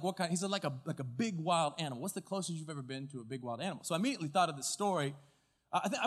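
A male pastor preaching a sermon, telling a story with acted-out dialogue and lively delivery. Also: a little high, big-room sound. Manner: animated storyteller, acts out dialogue and shouts at climaxes. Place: church auditorium. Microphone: stage mic with floor monitor.

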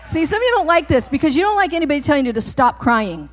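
A woman preaching a sermon in a church, emphatic and repeating her commands, sometimes rising to shouts. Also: high-pitched, sing-song, fast, hardly any pauses. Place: church sanctuary. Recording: long reverb in a church hall.

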